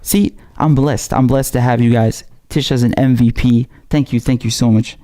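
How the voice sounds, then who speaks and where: Man, raspy voice, dark tone, casual slangy livestream chat, halting restarts. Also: medium pitch, fairly even intonation. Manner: casual and slangy, halting, reading out viewer messages. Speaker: livestream host. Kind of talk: casual live-stream chat.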